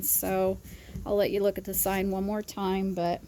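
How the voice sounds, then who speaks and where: A woman's voice: medium pitch, little pitch movement, unhurried, dark tone. A woman in her forties giving a casual vlog tour, rambling fondly through memories with lots of fillers and getting choked up, recorded on a handheld phone outside a windy craft shed. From southern Indiana. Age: 40s. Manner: rambling, fond reminiscing with frequent fillers. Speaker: craft vlogger.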